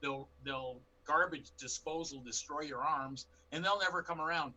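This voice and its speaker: A middle-aged man, a bear expert guest on a panel, telling animated stories with acted-out quotes. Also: fairly high pitch, normal speed, lo-fi sound. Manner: animated anecdotes with quoted dialogue. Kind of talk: storytelling in a panel interview.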